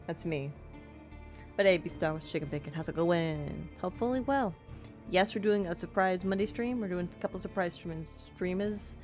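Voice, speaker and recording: A woman's voice: lowish voice, a little mellow. A young woman streaming a game, bubbly, giggly and chatty with her chat.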